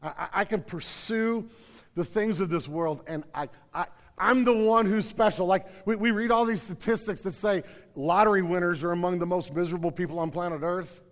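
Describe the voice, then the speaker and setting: Male pastor, high voice, earnest sermon delivery with restarts, large reverberant room. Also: moderate pace. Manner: earnest, repeats words, rises to emphatic then drops low. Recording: hall reverb.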